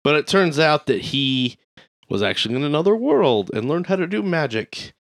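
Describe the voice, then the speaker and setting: A man's voice: on the high side, very animated, moderate pace, no echo, studio quality. A man co-hosting a podcast, chatting casually and telling rambling, wry stories. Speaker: podcast co-host. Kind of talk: casual chat.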